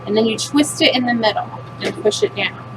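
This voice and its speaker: A woman's voice: fairly high pitch, a little fast. A middle-aged woman chatting casually as she demonstrates a craft project, working with her hands and making self-deprecating asides. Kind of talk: casual craft demo chat. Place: home with a loud furnace. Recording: noisy home recording, furnace hum.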